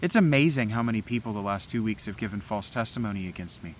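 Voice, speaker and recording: A man's voice: lowish voice, expressive, fast, a little hiss or hum, poor audio. A man outdoors in the woods, giving a rambling spoken meditation in an agitated, preachy way and swearing often. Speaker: vlogger.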